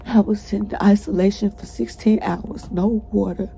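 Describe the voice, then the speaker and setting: Brief: woman, breathless and tearful, pleading testimony, very dark tone, faint background hiss. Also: medium pitch, fairly even intonation, moderate pace, gravelly, poor audio. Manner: urgent, pleading, breaking into tears. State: breathless, cried out. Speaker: person recounting a jail ordeal. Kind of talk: emotional first-person testimony to viewers.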